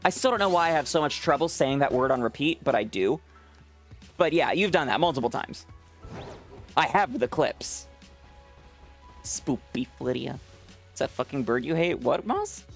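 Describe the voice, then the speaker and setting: Streaming a game over faint music, this man has a gravelly, medium-pitched voice and an animated delivery at a moderate pace, with long pauses. His chat with viewers is casual, full of teasing, free swearing and frequent laughter.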